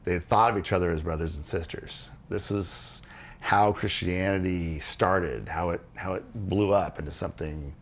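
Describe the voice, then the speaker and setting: A man on a podcast, explaining ideas earnestly in casual conversation and acting out quoted dialogue as he goes. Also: moderate pace. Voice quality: low gravelly voice, husky. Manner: earnest, animated storytelling with restarts and quoted dialogue. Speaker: podcast co-host explaining religious history.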